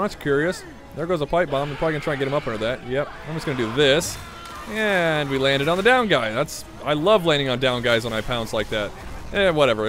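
Young male gameplay commentator, sardonic and muttering, lively slightly raised voice, close pop-filter mic. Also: on the high side. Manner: sardonic, mutters to himself, swears freely. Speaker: gaming video creator. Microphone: pop filter studio mic.

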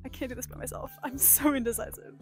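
A woman's voice: high voice, fairly even intonation, fast talker. A young woman from Texas, gushing in a bubbly, exclamation-filled way as she chats through a thrift-store vlog and voice-over. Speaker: thrift vlogger. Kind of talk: excited casual vlog chat and voice-over. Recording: music playing behind the voice.

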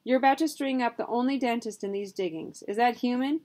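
A woman's voice: a little high, fairly quick, darkish tone, natural voice. A woman voicing a dignified butler who speaks formally and makes a persuasive courtroom-style speech. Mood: orating. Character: proper, dignified English butler turned gold seeker, eloquent.

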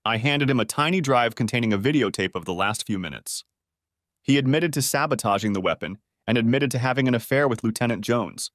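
A man's voice: medium pitch, animated, brisk, a bit bright, dry recording. A man narrating a first-person story in a scripted audiobook reading on a close mic.

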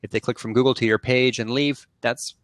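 A man guest explaining things confidently and briskly in a video chat interview. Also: mid-range voice, fairly even intonation, a bit bright, no room sound. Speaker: guest expert. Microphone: video call.

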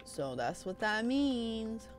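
Young woman, game streamer, unhurried delivery, cusses at her game, faint music behind. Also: on the high side, very animated. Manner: frustrated, swears a lot at her game. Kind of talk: casual gameplay commentary.

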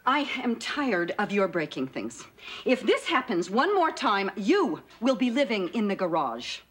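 A woman's voice: medium pitch, very animated, a little slow. A woman playing an exasperated, scolding mother in a 1980s sitcom. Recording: hissy old TV tape with studio laughter.

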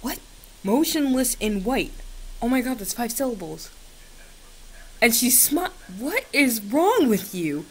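Excitable young woman vlogger, slow and lively. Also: a little high, breathy edge. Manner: excitable, sarcastic, shrieks and mutters. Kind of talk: casual chat with a chatbot. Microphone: computer built-in mic.

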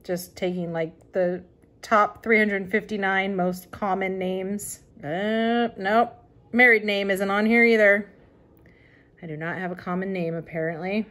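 A woman's voice: medium pitch, fairly even intonation, a little slow, fairly bright tone. A woman hosting her own channel, chatting casually as she flips through an old catalog, amused and laughing often. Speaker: vintage reseller and channel host.

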